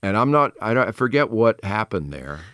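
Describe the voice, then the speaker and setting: A man in his sixties, a television host, telling chatty anecdotes with quick asides in a casual interview. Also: lowish voice, very animated, fairly bright tone, smooth, no echo, studio quality.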